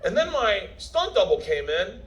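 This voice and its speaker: Loud, profane comedian telling stories. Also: male voice, high-pitched, big pitch swings, normal speed, poor audio. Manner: loud, profane, laughing as he tells it. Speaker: comedian addressing a premiere crowd. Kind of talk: rowdy live stand-up storytelling.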